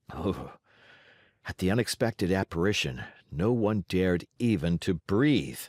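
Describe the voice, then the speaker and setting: A man narrating a classic children's story as an audiobook, in an expressive, varied delivery. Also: low voice, no room sound, clean studio sound.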